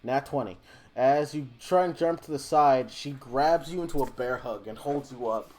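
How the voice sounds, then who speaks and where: A man narrating as game master of a tabletop game, animated and quick to laugh. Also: medium pitch.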